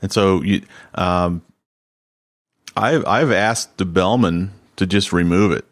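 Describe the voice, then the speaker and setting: A man co-hosting a casual podcast, telling stories in a relaxed way with repeated words. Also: low voice, takes it slowly. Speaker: podcast co-host. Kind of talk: casual chat.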